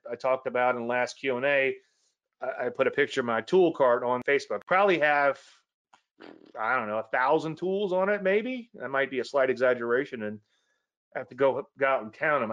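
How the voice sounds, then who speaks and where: A man's voice: medium pitch, fairly bright tone, smooth. A man giving a casual trading lesson, chatty and rambling, often correcting himself mid-sentence. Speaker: trading educator. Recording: slightly dull lo-fi audio.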